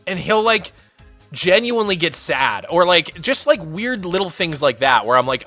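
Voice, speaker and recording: A male streamer chatting casually with his viewers, rambling through stories in an animated way and saying "dude" and "man" a lot. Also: high voice, normal speed, soft background music.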